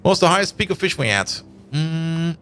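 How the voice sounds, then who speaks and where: A man's voice: a little high, animated, moderate pace, fairly bright tone, faint music behind. A man in his thirties with a Dutch-German accent who grew up in Germany, casually thinking aloud as he streams a game and chats with viewers. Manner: thinks aloud while playing, chatty, laughs easily. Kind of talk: casual let's-play commentary.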